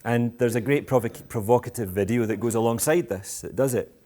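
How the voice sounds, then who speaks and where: A Scottish man with a medium-pitched, dark voice speaks fairly quickly. He is an education speaker addressing school parents at a school event with a live audience, and his manner is playful, provocative and self-mocking.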